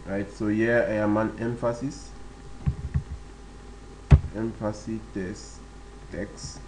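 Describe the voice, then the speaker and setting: Slow, patient male coding tutor. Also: fairly low pitch, level tone, noisy background. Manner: slow, step-by-step, with frequent fillers and repetitions. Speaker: web development tutor. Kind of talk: screen-recorded coding tutorial.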